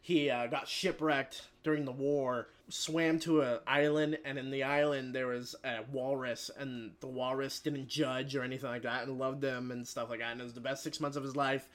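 A man's voice: mid-range voice, little pitch movement. A man casually retelling a film plot in a rambling, profane way, briefly voicing the characters as he goes. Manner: rambling, profane, quick quoted voices for characters.

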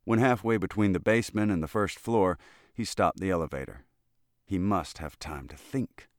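Male narrator reading a classic short story, very low voice, dry close sound. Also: no room sound. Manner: steady, measured storytelling. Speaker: audiobook narrator.

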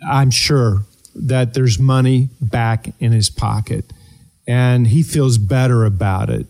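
A man's voice: mid-range voice, steady tone, a little mellow. Earnest motivational coach, a man. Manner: earnest coaching, rhetorical questions, slows down with deliberate pauses. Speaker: host and performance coach. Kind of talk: motivational talk show.

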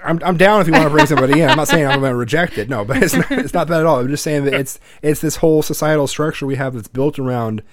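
A man's voice: on the high side, very fast, few pauses. A man in his thirties hosting a podcast, talking bluntly and profanely in casual chat, rambling with restarts. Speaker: podcast host.

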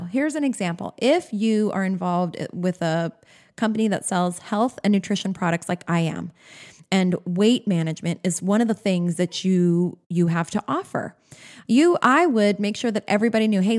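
A woman in her forties giving an enthusiastic, animated motivational talk on business, speaking straight to the listener. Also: medium pitch. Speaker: business coach.

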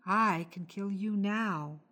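A woman's voice: medium pitch, slow pace, pushed and bright. A woman playing a cold, commanding young heroine. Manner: firm, threatening.

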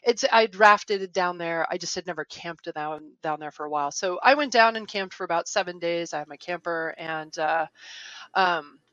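A woman telling a casual story as an interview guest, chatty and quick to laugh, with lots of "like" and "um" fillers. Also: on the low side, fairly bright tone, no echo, muffled recording.

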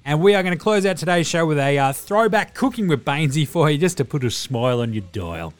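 Australian man, podcast host, swinging pitch, dry close sound, sweary casual. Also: fast, dry recording. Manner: swears freely, matey and energetic.

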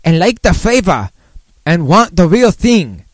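A man doing a shrill mocking fussy mom. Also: big pitch swings, unhurried, dry recording, clean studio sound. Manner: mocking high falsetto-like reading.

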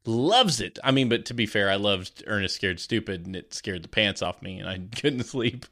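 Animated man chatting on a podcast. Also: on the low side, normal speed. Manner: laughs often, animated storytelling. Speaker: podcast co-host. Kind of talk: casual chat, reading news aloud.

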